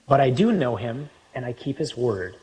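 A man preaching a sermon, reading scripture aloud and explaining it, moving between quiet reading and loud emphasis. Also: mid-range voice, sing-song, moderate pace. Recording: long reverb from a large hall.

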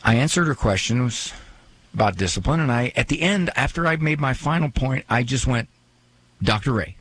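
A man's voice: mid-range voice, brisk, a bit bright, slight background noise. A man hosting a radio talk show, chatting in a joking, self-mocking way and acting out little quoted asides. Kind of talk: casual radio monologue.

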